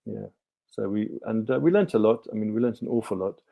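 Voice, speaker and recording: A man's voice: fairly low pitch, fast talker, vocal fry, narrow, tinny audio. A middle-aged man, a guest on a podcast, telling his life story in a rambling way full of ums and restarts. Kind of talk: relaxed storytelling interview.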